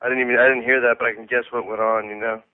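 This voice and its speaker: A hesitant man from Miami calls a radio show, stumbling for words. His voice is smooth and flat in pitch. The line sounds thin and phone-like. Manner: hesitant, halting. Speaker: caller.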